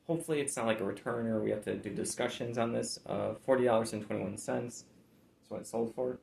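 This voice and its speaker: A man's voice: medium pitch, fairly even intonation, fast, creaky, darkish tone, reverberant, slight background noise, poor audio. A man chatting casually about items he has sold, laid-back and rambling with lots of fillers. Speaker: reseller showing sold items. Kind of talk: casual chat.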